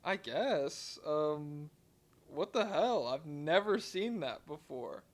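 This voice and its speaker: A man co-hosting a casual sports podcast, animated and joking, swearing freely. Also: a little high, slow. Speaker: podcast co-host.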